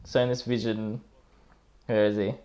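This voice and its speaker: A man's voice: on the low side, level tone, moderate pace, mellow. A man co-hosting a casual chat podcast, chatty and teasing, often laughing. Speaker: podcast co-host.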